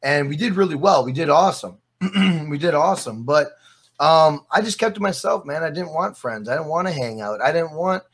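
A man guesting on a casual podcast, his voice sitting a little high for a man. He tells stories with lively energy, swears freely and repeats his phrases for weight. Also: moderate pace, breathy edge. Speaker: interview guest.

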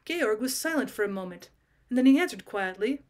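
A woman teacher reading a classic short story aloud as an audiobook, measured and storytelling. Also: on the high side, expressive.

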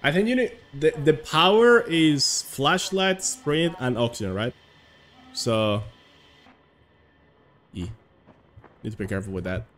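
A man's voice: fairly high pitch, lively intonation, a little slow, pauses often, fairly bright tone. A man streaming a game live, chatting casually, swearing freely and laughing at his own play. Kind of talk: casual live gameplay commentary. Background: game music and gunfire.

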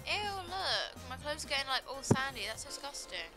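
Bubbly high-voiced woman narrating gameplay. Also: sing-song, moderate pace, over music, rough recording. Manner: bubbly, chatty, says like a lot. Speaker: gaming video host. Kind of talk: casual gameplay commentary.

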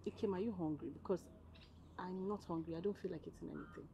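A woman's voice: on the low side, steady tone, fast talker, dark tone, muffled recording, a little hiss or hum, natural voice. An actress playing a caring married woman who fusses over her hungry brother-in-law. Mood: soothing. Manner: soothing, fussing.

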